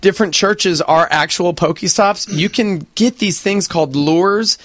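Male radio co-host, high voice, joker of the room, punny banter. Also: measured pace, a bit bright, no room sound. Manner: joking, punning banter. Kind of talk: casual radio chat.

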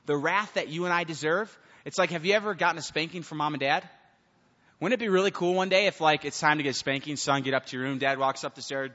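A man preaching a sermon as pastor, animated and acting out the voices of characters in his stories. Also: on the high side, quick pace. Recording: long hall reverb, dull lo-fi sound.

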